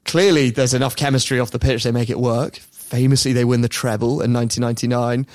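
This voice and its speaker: A man hosting a podcast, telling a story in a lively casual way and often laughing. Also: mid-range voice, dry recording, studio quality. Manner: lively, laughs often, mimics people in quotes.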